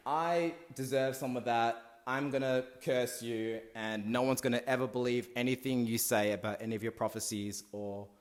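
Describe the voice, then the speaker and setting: A man's voice: medium pitch, moderate pace, hardly any pauses, lightly acted. A tipsy man voicing a lustful, petulant male god in a comic retelling of a myth. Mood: spiteful. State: drunk.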